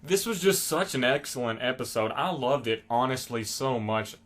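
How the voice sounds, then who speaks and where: A man's voice: medium pitch, moderate pace, fairly bright tone. A young man reviewing a TV episode, talking casually and enthusiastically with lots of fillers and rambling asides.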